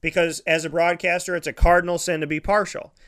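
A man's voice: fairly high pitch, flat delivery, quick pace, a bit bright. A man broadcasting a live sports talk show, ranting with heated sarcasm and lots of repetition.

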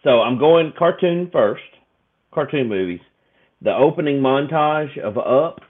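A man's voice: mid-range voice, expressive, measured pace. Emotional man on a tinny line. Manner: emotional, rambling with many restarts and fillers. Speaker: podcast co-host. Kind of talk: casual chat. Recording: tinny phone-like sound.

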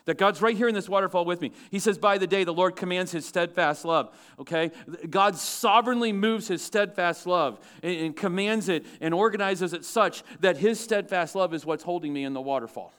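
A male pastor delivers a sermon in a church with a smooth, resonant voice pitched a little higher than most men's. He preaches in an animated way, putting questions to the congregation and growing loud when he reads scripture aloud. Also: normal speed, few pauses.

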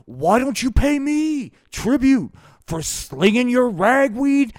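A man's voice: very high voice, very animated, slow pace, no room sound, clean studio sound, pitched above the performer's own voice, full character voice. A man voicing a blustering old male president caricature in a live puppet show. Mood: defiant. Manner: shouting, boastful puppet-show bravado.

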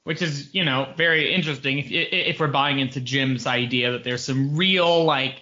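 A man's voice: medium pitch, moderate pace, muffled recording. A man co-hosting a podcast, chatting casually and rambling with plenty of fillers. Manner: relaxed, rambling with many fillers. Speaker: podcast co-host. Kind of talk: casual chat.

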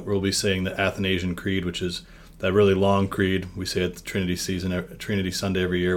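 Deep-voiced man leading a Bible devotion. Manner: reads scripture with rising emphasis, then talks plainly with fillers. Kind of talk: Bible reading and devotional discussion.

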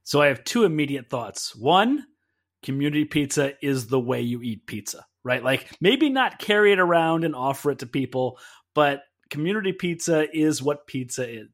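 A man's voice: on the high side, sing-song, normal speed, a bit bright. Podcast cohost guy riffing his opinions, casual and keen. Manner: opinionated, enthusiastic musing. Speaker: podcast co-host.

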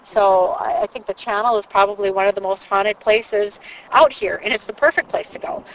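A woman explaining paranormal investigation in a chatty, animated way, talking outdoors by a channel. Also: medium pitch, normal speed, poor audio. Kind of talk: casual explanatory chat.

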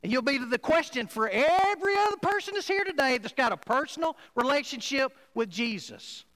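A man preaching a sermon to a church, emphatic, swinging between loud and quiet passages. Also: very high-pitched, lively intonation, brisk, rough recording. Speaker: pastor.

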